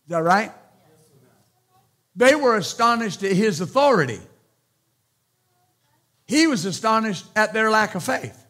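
High-voiced man preaching emphatically. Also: big pitch swings, unhurried, pauses often. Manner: emphatic, repetitive preaching with loud exclamations. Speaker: pastor. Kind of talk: sermon.

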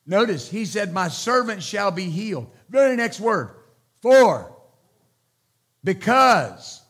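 A pastor delivering a sermon, preaching emphatically with repeated phrases and loud exclamations. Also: male voice, sits high, very animated, takes it slowly.

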